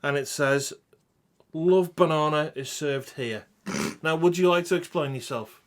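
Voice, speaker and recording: A man's voice: a little high, a little slow. A man hosting a crude comedy podcast, teasing his co-hosts in a mock-dramatic, sweary way. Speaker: podcast host.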